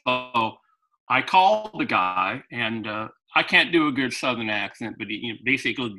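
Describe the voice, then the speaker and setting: Bright-voiced man telling a story. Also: mid-range voice, normal speed, low-quality recording. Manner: animated anecdotal, with frequent restarts. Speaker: guest. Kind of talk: storytelling in conversation.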